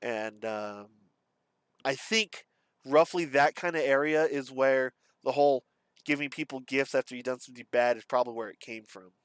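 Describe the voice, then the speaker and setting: Hesitant man with a smooth voice. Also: mid-range voice, no room sound. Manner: halting, hesitant, with many pauses and fillers; subdued and confessional. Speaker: vlogger. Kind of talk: candid personal storytelling.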